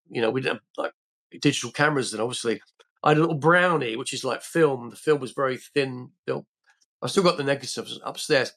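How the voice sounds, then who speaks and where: A man's voice: mid-range voice, a bit bright. An older man from England, a podcast guest telling rambling anecdotes in a casual way, full of restarts and fillers.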